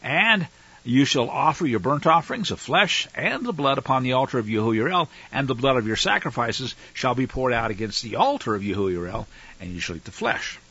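A man's voice: mid-range voice, very animated, a little fast, pushed and bright, breathy edge. A man teaching from scripture, reading passages aloud and breaking in with emphatic, fiery asides, on a slightly dull lo-fi recording. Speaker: Bible teacher.

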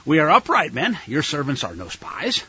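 A man's voice: on the high side, wildly swooping pitch, normal speed, bright, forceful tone, slightly rough, highs cut off, exaggerated voice. A man voicing a frightened group of brothers pleading and protesting their innocence.

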